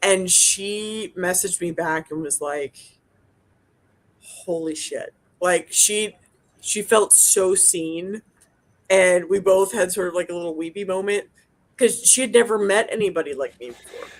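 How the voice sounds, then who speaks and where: A woman's voice: lowish voice, measured pace. A woman, a dental hygienist, chatting casually as a podcast co-host, blunt and profane, rambling with lots of restarts. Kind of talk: casual chat.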